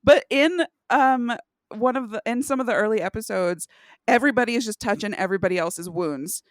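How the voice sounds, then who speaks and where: A woman's voice: on the high side, a little fast, no echo, studio quality. A woman co-hosting a podcast, chatting casually and joking wryly about a movie, with playful swearing. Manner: wry, animated, jokey with playful swearing. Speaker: podcast co-host. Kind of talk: casual chat.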